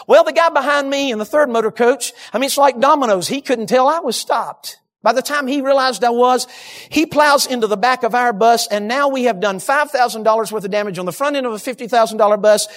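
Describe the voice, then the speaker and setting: A man's voice: very high voice, brisk, fairly bright tone. Male preacher, emphatic, storytelling, sermon, church platform. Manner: storytelling, emphatic, addresses congregation.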